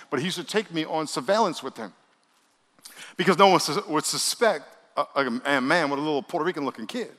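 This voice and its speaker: A male pastor preaching a sermon, leading the congregation in call-and-response and swinging between loud bursts and quiet asides. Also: high-pitched, in a large hall. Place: church sanctuary.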